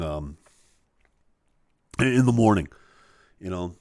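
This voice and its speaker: Man hosting a live stream: jokey, animated, with a dry, close sound. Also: very deep voice, unhurried, pauses often, dry recording. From Chicago. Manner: animated, jokey, acts out voices. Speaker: host of a live show. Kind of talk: casual live-stream chat.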